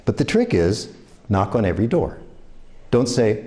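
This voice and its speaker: A man's voice: lowish voice, very animated, moderate pace, long pauses, a little mellow. An older man with a New York accent giving a motivational talk, telling anecdotes and acting out the voices of the people in them. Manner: anecdotal, acts out quoted voices. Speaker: speaker giving career advice.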